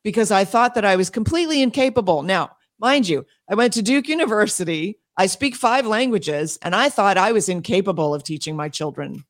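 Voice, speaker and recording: A woman speaking as an interview guest and homeschool advocate, emphatic and quick, with frequent laughs and restarts. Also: mid-range voice, lively intonation. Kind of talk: passionate interview talk.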